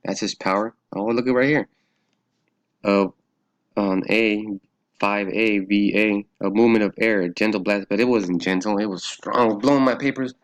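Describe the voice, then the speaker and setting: Low-voiced man in a loose religious vlog. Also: fairly even intonation, normal speed. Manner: loose and swearing, laughs often, thinks aloud. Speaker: religious vlogger. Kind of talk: casual religious vlog with Bible study.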